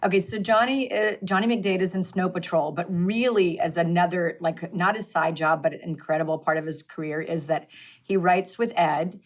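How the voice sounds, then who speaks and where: A woman's voice: fairly low pitch, steady tone, normal speed. A woman in her fifties, chatting as a podcast guest in a casual, self-deprecating way and laughing easily. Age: 50s. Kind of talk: casual interview chat.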